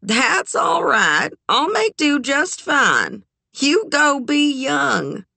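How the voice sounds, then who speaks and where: A woman's voice: high voice, sing-song, takes it slowly, vocal fry, sharp tone, no room sound, pitched above the performer's own voice, full character voice. A woman voicing a kind older aunt who talks in a dry, wry way. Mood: dry kindness.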